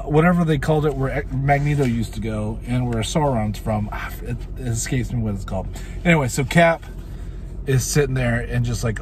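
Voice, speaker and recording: A man talks through a show episode in a loose, casual recap at a middling pitch. He rambles and drifts into goofy asides, filling pauses with ums and uhs, over a faint hiss. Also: darkish tone. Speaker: show reviewer.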